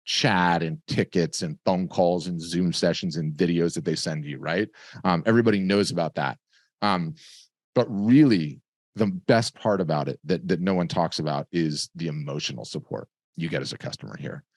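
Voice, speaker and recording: A middle-aged man hosting a webinar over a video call, giving a lively, conversational sales pitch. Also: moderate pace, no room sound, studio quality. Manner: lively, conversational, tells stories with acted voices. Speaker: webinar host.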